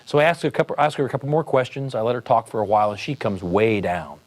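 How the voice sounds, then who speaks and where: A man's voice: mid-range voice, fast talker. Man telling a police story. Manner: relaxed, conversational, frequent fillers and restarts. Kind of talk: storytelling talk.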